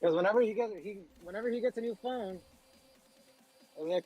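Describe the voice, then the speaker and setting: A man's voice: high-pitched, steady tone, fast, lo-fi sound, faint music behind. A man complaining in casual chat, swearing casually.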